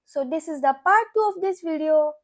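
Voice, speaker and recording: A woman's voice: high-pitched, normal speed. A young woman teaching a beginner French lesson, patient and repeating each word several times.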